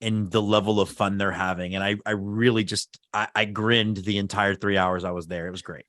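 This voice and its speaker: A man's voice: on the low side, flat delivery, fairly quick, a bit bright, no echo, clean studio sound. A man co-hosting a podcast, chatting casually and laughing easily as he reads out award nominees. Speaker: podcast co-host. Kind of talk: casual chat.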